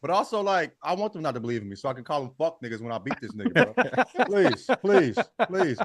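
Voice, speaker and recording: A man's voice: mid-range voice, sing-song, rapid-fire, a bit bright. A man co-hosting a podcast in casual sports chat, brash and profane, trash-talking with laughs. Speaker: podcast co-host.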